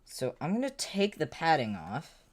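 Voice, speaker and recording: Very low-voiced woman streamer. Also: wildly swooping pitch, moderate pace. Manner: rambling, swears, talks to herself while working. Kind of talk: casual livestream chat while tinkering.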